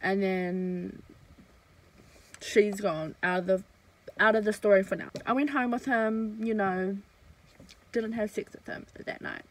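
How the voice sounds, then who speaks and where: A woman's voice: mid-range voice, fairly even intonation, a little slow, pauses often, low-quality recording. A young woman, casually telling a storytime while eating, with lots of fillers. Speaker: vlogger. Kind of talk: storytime mukbang vlog.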